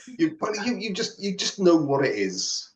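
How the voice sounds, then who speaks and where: A man's voice: high-pitched, very animated, moderate pace. A man co-hosting a podcast, making emphatic, wry points in casual chat. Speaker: podcast co-host. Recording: roomy, dull lo-fi remote audio.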